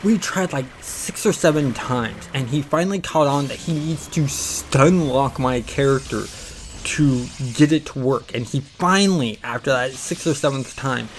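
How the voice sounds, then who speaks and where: A man's voice: medium pitch, unhurried, slight background noise, low-quality recording. A man hosting a gaming channel, casually telling a story in a rambling way, acting out the quotes.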